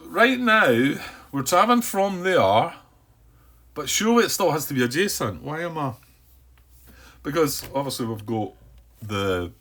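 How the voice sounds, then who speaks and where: A man playing a board game solo, thinking aloud in a hesitant way, repeating words, questioning himself and calming himself down by name. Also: mid-range voice. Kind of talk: thinking-aloud playthrough commentary.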